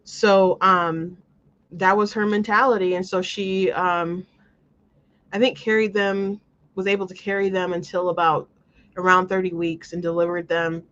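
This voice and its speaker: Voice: medium pitch, flat delivery, measured pace, fairly bright tone, lo-fi sound. A show host talking casually in an earnest, rambling way, with many restarts. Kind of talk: casual commentary monologue.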